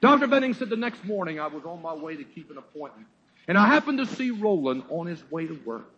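A male preacher delivering a sermon at a church service, telling a story dramatically and swinging from loud exclaims to hushed words. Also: sits high, very animated, fast, husky. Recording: dull lo-fi sermon recording.

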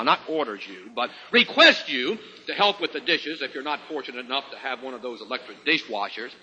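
A man's voice: fairly high pitch, sharp tone, a little hiss or hum. A man preaching a sermon to a congregation, with emphatic rising and falling delivery. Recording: lo-fi recording with long hall reverb.

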